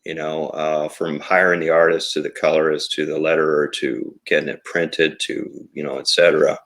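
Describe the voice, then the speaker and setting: A man's voice: rumbling low, level tone, moderate pace, fairly bright tone. A man, co-founder of a toy company, talking in a casual podcast conversation in a rambling, reflective way with many fillers.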